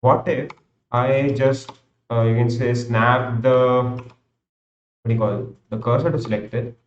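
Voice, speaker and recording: Rambling Indian English streamer. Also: male voice, medium pitch, steady tone, measured pace, a little hiss or hum. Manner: rambling, repeats and restarts himself. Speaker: live streamer. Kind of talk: casual thinking-aloud stream commentary. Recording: roomy, slightly dull home recording.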